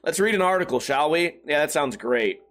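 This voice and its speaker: A man's voice: on the high side, expressive, a little fast, a bit bright. A young man telling rambling, profane stories in a casual solo talk show. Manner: profane, rambling, self-mocking. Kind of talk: casual crude storytelling monologue.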